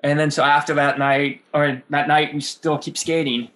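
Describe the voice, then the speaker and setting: A man's voice: on the high side, level tone, normal speed, fairly bright tone. A man in his thirties, a guest skateboarder, telling rambling stories in a casual interview, laughing often and swearing freely.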